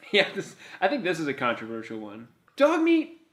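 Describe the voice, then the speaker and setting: A man's voice: medium pitch, big pitch swings, brisk, sharp tone. A man co-hosting a video game countdown show, ranting casually and profanely and laughing a lot. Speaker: co-host of a gaming countdown show. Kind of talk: casual comedic game banter.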